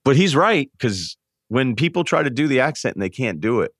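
A man chatting as a podcast guest, telling animated stories and acting out quoted lines. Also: mid-range voice, brisk, no echo, studio quality. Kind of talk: casual sports podcast chat.

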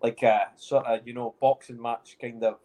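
A man's voice: mid-range voice, little pitch movement, normal speed, dark tone. A Scottish man hosting a podcast in casual chat, with teasing banter and frequent chuckles. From Scotland. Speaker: podcast host.

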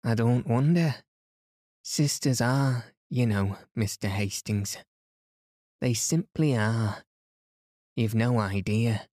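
A man voicing a lively, cheerful young woman with an eager manner. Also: mid-range voice, slow, long pauses, no echo, studio quality, lightly acted.

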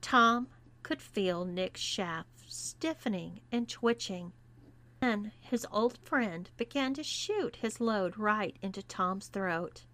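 A woman reading a scripted story aloud as narrator, in a deliberate manner. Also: mid-range voice, a bit bright. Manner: slow and deliberate. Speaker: erotica reader.

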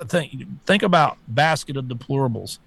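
A man's voice: medium pitch, animated, normal speed, a bit bright, soft background music. A man co-hosting a political talk show, stammering and ranting, sometimes mocking others in put-on voices. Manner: stammering, rants with mocking impressions. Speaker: co-host.

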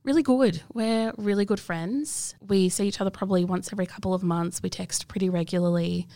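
A woman's voice: mid-range voice, fairly even intonation, fairly quick, warm tone, no echo. A young woman telling a personal story in an interview, earnest and open, with frequent fillers. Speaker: interview guest.

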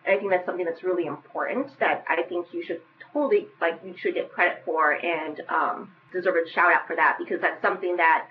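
A young woman from Western Massachusetts, a podcast guest chatting casually and quickly. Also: fairly low pitch, phone-quality sound, slight background noise.

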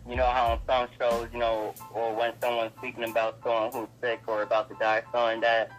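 A man's voice: medium pitch, little pitch movement, brisk, faint music behind, rough recording. A man co-hosting a casual commentary podcast, talking crudely and animatedly in streetwise slang. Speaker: podcast co-host. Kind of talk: casual commentary, reads news aloud.

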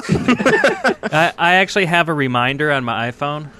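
A man's voice: a little high, fast talker, background noise. A man co-hosting a casual podcast, easygoing and agreeable with a joking streak. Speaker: podcast co-host.

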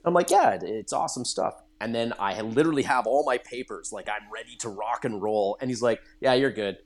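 A Canadian man, a podcast guest, telling lively stories in casual conversation. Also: on the low side, a little fast. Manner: storytelling, animated, laughs often.

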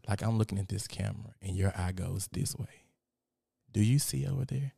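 A young man hosts a casual live stream, talking in an animated, profane way and reading out viewer comments. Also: fairly low pitch, moderate pace, creaky. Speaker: host.

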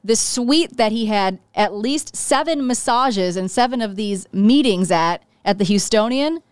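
A woman's voice: medium pitch, animated, a little slow, clean tone, no echo, clean studio sound. A woman co-hosting a sports talk show, reading news updates in a matter-of-fact way. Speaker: co-host.

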